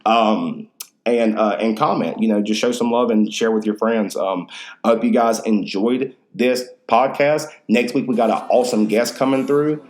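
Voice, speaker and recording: A man's voice: fairly low pitch, moderate pace, a little mellow. Profane rambling man podcasting solo. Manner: rambling, profane, slangy storytelling. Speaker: podcast host. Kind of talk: casual solo podcast monologue.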